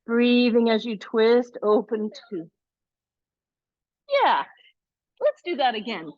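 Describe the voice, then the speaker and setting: A woman's voice: fairly high pitch, slow pace, no room sound, lo-fi sound. A woman leading a live yoga class, chatty and encouraging, with playful asides. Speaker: yoga teacher.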